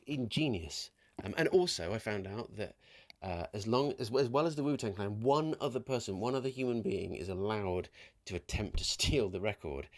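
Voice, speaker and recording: A podcast co-host with a fairly low pitch chats casually, drifting through a long-winded story and laughing often, in a dry, studio-quality recording.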